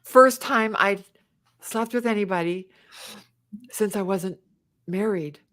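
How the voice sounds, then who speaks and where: A middle-aged woman telling a story in casual chat, animated and acting out quotes with big jumps in pitch. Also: takes it slowly. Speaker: podcast guest.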